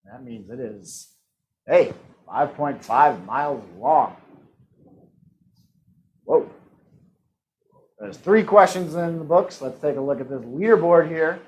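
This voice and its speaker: Upbeat man hosting live trivia, lively pitch. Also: slow pace, long pauses, poor audio. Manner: jokey, laughs often, reads out multiple-choice options. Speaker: trivia host.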